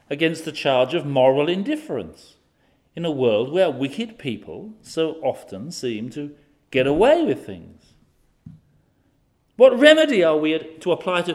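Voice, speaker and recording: A man preaching a sermon, posing rhetorical questions with occasional fillers. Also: fairly high pitch.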